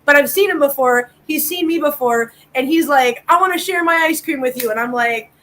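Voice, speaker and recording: A high-pitched, middle-aged woman hosting a relaxed live chat with a friend. She rambles through anecdotes, laughs a lot and swears casually. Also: a little fast, slight background noise, low-quality recording. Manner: chatty storyteller, laughs often, swears casually. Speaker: livestream host.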